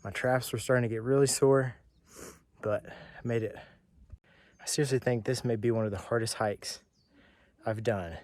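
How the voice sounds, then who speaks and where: A man's voice: mid-range voice, fairly even intonation, moderate pace, long pauses, a little mellow, no echo, clean studio sound. A man vlogging outdoors on a mountain hike, earnest and plain-spoken, tired and out of breath from the climb. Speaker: travel vlogger. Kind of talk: casual hiking vlog.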